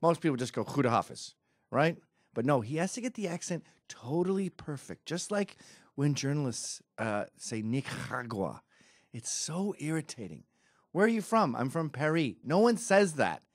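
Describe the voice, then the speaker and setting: A man's voice: medium pitch, sing-song, normal speed, dry recording, clean studio sound. A man from Britain giving a sarcastic, mocking comedic rant over a video clip. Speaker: commentator.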